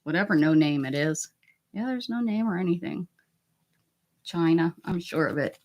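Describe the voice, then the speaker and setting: A woman hosting a casual art livestream from home, chatty and self-mocking, laughing often and muttering softly to herself as she works. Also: lowish voice, lively intonation, moderate pace. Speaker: art channel host.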